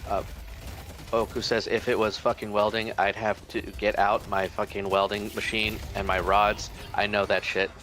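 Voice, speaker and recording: A man co-hosting a live game stream, reading chat messages aloud in a halting, hesitant way. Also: fairly low pitch, little pitch movement, fairly bright tone.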